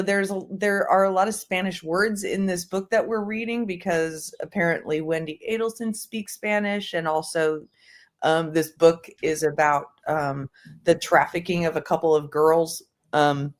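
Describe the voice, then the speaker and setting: A woman hosting a casual livestream book club, rambling with many fillers and restarts and tossing in words from other languages. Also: deep voice. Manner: jokingly drops bits of other languages.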